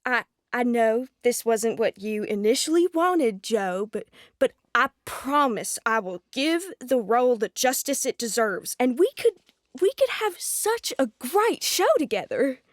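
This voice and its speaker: A woman's voice: high voice, slow. A woman playing an eager, theatrical showgirl who sings showtunes in a musical audio drama. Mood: earnest. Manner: sings showtunes, squeals with excitement. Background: loud band music.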